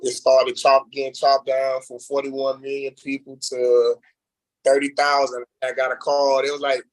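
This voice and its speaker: In a medium-pitched voice at a moderate pace, a reality contestant rambles through his story during a casual interview. He animatedly performs the voices of those he quotes and uses many fillers. Audio quality is poor.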